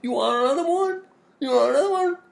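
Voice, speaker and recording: A man's voice: extremely high pitch, expressive, fast talker, gravelly, voice pushed up, exaggerated voice. A man voicing a pushy bartender who keeps pressing another drink. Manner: pushy, repetitive.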